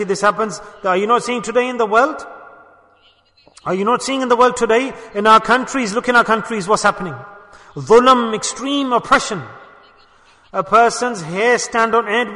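A man's voice: sits high, normal speed, pushed and bright. A man preaching a sermon at a mosque gathering, impassioned and urging his listeners with rhetorical questions. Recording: reverberant hall.

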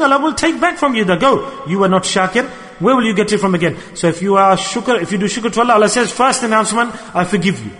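Brief: male preacher, high voice, animated and earnest sermon, long hall reverb.

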